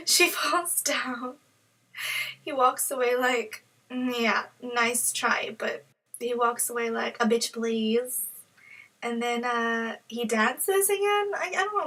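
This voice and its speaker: A young woman chatting casually on a vlog, joking and giggling as she goes. Her voice is bright and a little high. She sits somewhat back from the mic. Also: distant mic, low-quality recording. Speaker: vlogger. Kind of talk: casual chat.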